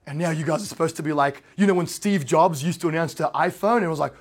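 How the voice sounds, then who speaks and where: A man's voice: a little high, quick pace, slightly rough. An Australian man giving a casual slideshow presentation on real estate as an investor and brokerage owner, rambling, with lots of fillers and tag questions.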